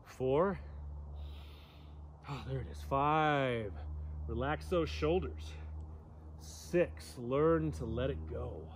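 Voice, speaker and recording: A man's voice: mid-range voice, extremely slow, pauses often, slight background noise. Joking male yoga instructor outdoors. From Southern California. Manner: joking asides between pose cues. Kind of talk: guided yoga class.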